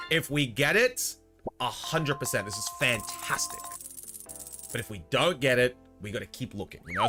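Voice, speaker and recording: Lively, bright-voiced Australian man streaming. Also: fairly high pitch. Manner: chatty, rambling, reads out chat. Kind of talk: casual livestream chat.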